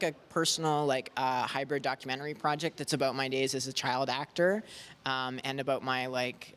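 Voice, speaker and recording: A young man, a filmmaker, answering interview questions haltingly with many "like"s and "um"s. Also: medium pitch, a bit bright. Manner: halting, lots of "like" and "um".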